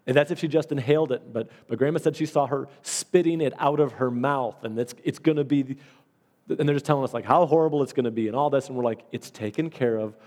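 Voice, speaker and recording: A man's voice: medium pitch, quick pace, a little mellow. A male pastor preaching in a conversational storytelling way, acting out the voices of people in his stories. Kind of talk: storytelling sermon. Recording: long reverb of a large hall.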